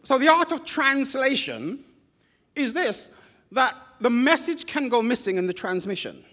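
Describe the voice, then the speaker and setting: A man preaching a sermon as a pastor, telling stories with lively acted-out quotes. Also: very high voice, measured pace, in a large hall. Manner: animated storytelling with acted-out quotes. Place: church.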